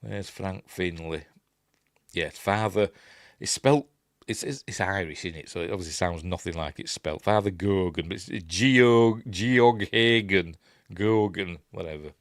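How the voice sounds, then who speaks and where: A man's voice: low-pitched, moderate pace, no echo, studio quality. A Yorkshire man in his fifties giving a rambling, chatty running commentary as he reviews a film, with frequent asides and self-corrections.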